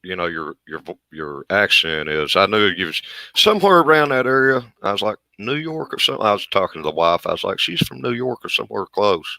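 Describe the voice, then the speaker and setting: Brief: Southern man, very low voice, crisp bright tone, joking and crude, dry close sound. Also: very animated, fairly quick, no room sound. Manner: joking, crude, laughs often. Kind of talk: casual chat.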